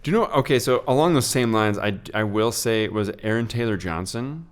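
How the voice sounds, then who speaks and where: A man's voice: lowish voice, expressive, fairly quick. A man co-hosting a podcast, chatting casually about a film and often hesitating to find his words. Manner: hesitant, searching for words, many fillers. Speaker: podcast co-host.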